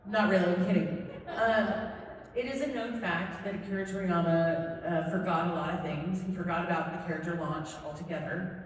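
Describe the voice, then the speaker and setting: Fielding fan questions on a convention panel, this Southern Californian voice actress, middle-aged, spins stories with animated, self-deprecating humor. She speaks at a moderate pace in a fairly low voice, picked up from afar in an echoey hall with slight background noise.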